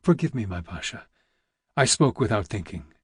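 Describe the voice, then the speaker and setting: A man reading an audiobook, voicing a polite, quiet investigator of forty who speaks deferentially. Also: on the low side, sing-song, normal speed, breathy edge, no room sound, clean studio sound, full character voice. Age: 40s.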